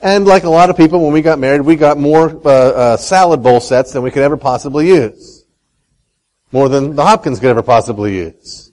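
A man giving a lively talk to an audience on faith and money, asking them questions and telling a folksy story. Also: on the high side, a little fast, low-quality recording. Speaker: speaker on Christian economics.

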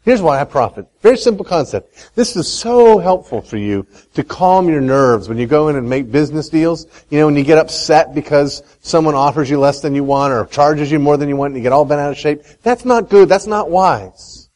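A man speaks to a live audience in a bright, lively way, with a higher voice that swoops up and down. He keeps turning questions back on his listeners and tells a homespun story. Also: brisk, low-quality recording. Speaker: speaker on Christian economics.

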